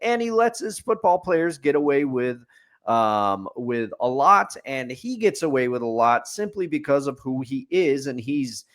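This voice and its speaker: A man's voice: medium pitch, big pitch swings, measured pace, fairly bright tone. A man co-hosting a podcast, giving an opinionated, rambling movie review in casual chat with fillers and restarts. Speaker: podcast co-host. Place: studio.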